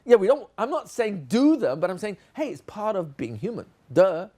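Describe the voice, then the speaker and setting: A man's voice: high voice, sing-song, normal speed, mellow. A man giving a teacher training session, playfully acting out classroom exchanges with children.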